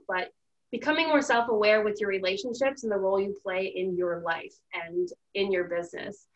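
A woman's voice: mid-range voice, highs cut off. A young woman hosting a podcast, speaking as a mindset coach in casual chat. She talks in a chatty, emotional way, her sentences full of "like" and restarts. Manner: chatty, heavy use of "like", emotional.

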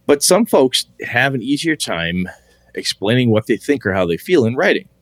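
A man's voice: mid-range voice, big pitch swings, moderate pace, dry recording. A man hosting a casual podcast about tabletop gaming, talking candidly, swearing freely and laughing often. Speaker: podcast host.

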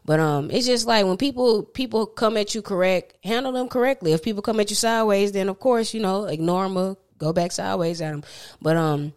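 A woman's voice: medium pitch, brisk, clean tone. Blunt, profane woman ranting. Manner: blunt, profane, animated storyteller. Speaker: podcast co-host. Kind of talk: casual chat, storytelling rant.

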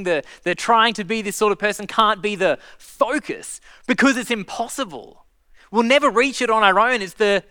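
Male pastor, earnest conversational sermon, high bright voice, close dry mic. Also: smooth, no echo. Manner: earnest, conversational preaching with frequent restarts.

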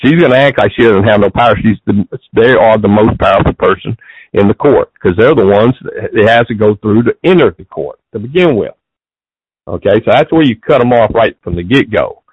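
Man, interview guest: husky, middle-pitched voice, dry dull lo-fi sound, rambling and restarting. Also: fairly quick, dry recording. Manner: rambling, restarts sentences often. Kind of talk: casual interview talk.

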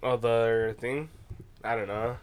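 A young man co-hosting a podcast who talks in a relaxed, slangy way, full of "like" and "dude.". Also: mid-range voice, takes it slowly, clear, resonant tone. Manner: laid-back, slangy, fills with "like" and "dude". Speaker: podcast co-host. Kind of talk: casual chat.

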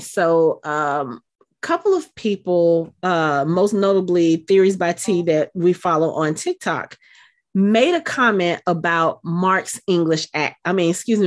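Woman co-host, casual and animated, thinks out loud mid-sentence. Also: fairly low pitch, measured pace. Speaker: podcast co-host. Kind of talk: casual chat.

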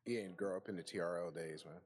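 A man's voice: deep voice, steady tone, fast, slight background noise. A man in a casual group chat, wry and questioning.

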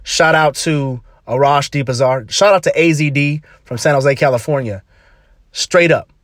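Emphatic slangy man, higher voice. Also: moderate pace, dry recording, clean studio sound. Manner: emphatic, slangy, repeats phrases for punch. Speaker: podcast host. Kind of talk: motivational podcast talk.

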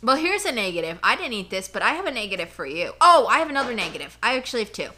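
A woman co-hosts a casual podcast from her home, ranting nonstop about her day. Her voice sits a bit high and bright. She talks in a loose, animated chat style. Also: racing. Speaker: podcast co-host. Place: home living room.

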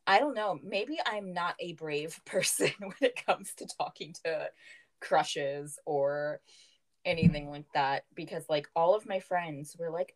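A young woman co-hosting a casual chat, telling animated stories, swearing freely and laughing often. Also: low-pitched, measured pace, rough recording. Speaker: podcast co-host.

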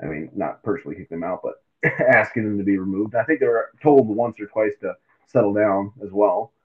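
A man's voice: fairly low pitch, brisk. Man on a tinny, phone-like mic. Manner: animated, acts out quotes in silly voices. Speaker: podcast co-host. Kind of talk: casual sports chat.

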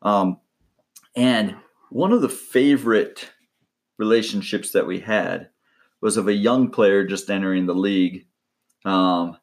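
A man's voice: fairly low pitch, a little slow, pauses often. A man co-hosting a podcast, chatting casually and chiming in with short agreements before taking over to tell his own story. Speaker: podcast co-host, former team entertainment staff. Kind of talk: casual chat.

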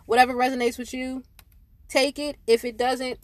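A woman's voice: on the high side, moderate pace, no echo. A middle-aged woman hosting a podcast, venting in an exasperated, profane solo rant from her parked car, recorded without a proper microphone. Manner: exasperated, swears constantly, animated rants. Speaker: podcast host. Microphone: phone or built-in mic, no proper microphone.

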